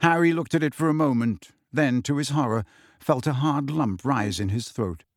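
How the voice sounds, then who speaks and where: A man narrating a novel in measured, deliberate audiobook style. His voice sits at a middle pitch and the recording is dry and close, with no room sound. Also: no room sound. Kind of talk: scripted narration.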